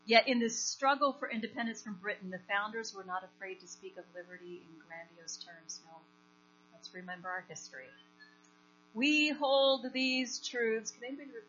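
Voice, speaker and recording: A woman's voice: medium pitch, brisk, fairly bright tone. A woman preaching a sermon, telling a story and putting questions to the congregation. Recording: lo-fi recording with mains hum.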